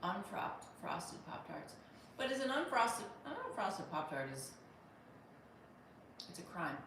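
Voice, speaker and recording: A woman's voice: medium pitch, very animated, unhurried, a bit bright, far from the mic. A chatty woman comedian hosts a casual livestream, rambling between viewer comments. Her voice sits back from the mic in a very echoey room. A faint hum runs underneath. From Pittsburgh. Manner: chatty and rambling, with many restarts. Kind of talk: casual live chat, reading viewer comments aloud.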